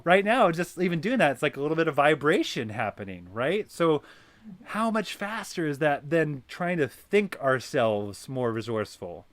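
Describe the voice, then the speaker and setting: A man hosting a wellness circle, talking in an animated coaching way that is full of "right?" and "you know". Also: on the high side, normal speed, dry recording. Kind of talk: guided wellness talk.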